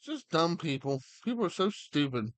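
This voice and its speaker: A man's voice: a little high, big pitch swings, moderate pace, no room sound. Rambling man chatting on a stream. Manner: rambling, talks to chat and his dog. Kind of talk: casual live-stream chat. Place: home, dog beside him.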